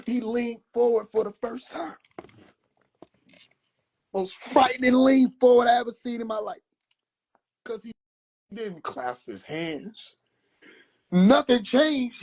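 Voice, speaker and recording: A man telling a comedic story on a phone livestream in an animated, drawn-out way. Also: extremely high pitch, breathy edge. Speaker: livestream host.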